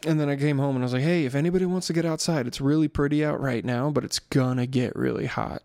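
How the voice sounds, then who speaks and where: A man's voice: mid-range voice, fast, no room sound. A man in his thirties, tired and yawning, rambling through a casual solo podcast about his day. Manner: rambling storyteller, yawning, relaxed. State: tired, sleepy. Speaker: podcast host.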